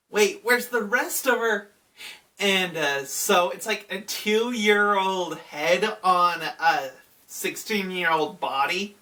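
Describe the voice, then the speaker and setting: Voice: medium pitch, bright, forceful tone, distant mic. A video reviewer giving a casual, chatty recap of a horror episode, with plenty of fillers.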